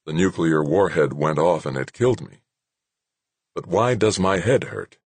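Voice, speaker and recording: A grim, determined space engineer muttering his thoughts in a hushed, very deep voice. A man plays him as a narrator of a story. The sound is dry and close, with a husky grain. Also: animated, measured pace, dry recording, exaggerated voice.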